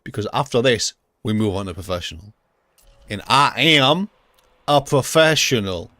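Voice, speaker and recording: A young man streaming a racing game live, joking and talking to himself with excitable reactions. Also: mid-range voice, normal speed, no room sound. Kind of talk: live gaming commentary. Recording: loud game music behind voice. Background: racing game music and engine sounds.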